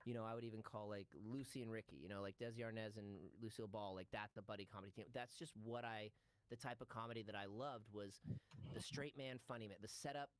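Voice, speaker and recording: A man telling a long, animated story in casual chat, acting out bits of dialogue in quick voices. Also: fairly low pitch, no echo, poor audio. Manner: animated storyteller who acts out lines in quick character voices. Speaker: show regular recalling sketch work.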